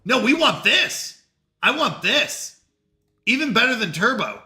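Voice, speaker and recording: Man, Canadian accent, streamer, frantic, high lively voice, faint music behind. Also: a little slow. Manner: frantic, talks to himself and game customers. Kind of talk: live-stream gameplay chat.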